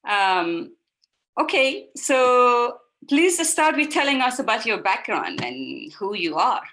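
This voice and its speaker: A woman's voice: fairly high pitch, sing-song, slow pace, fairly bright tone, low-quality recording. A woman hosting an interview, speaking politely and a little hesitantly over a video call. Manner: polite, hesitant, formal phrasing. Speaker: host.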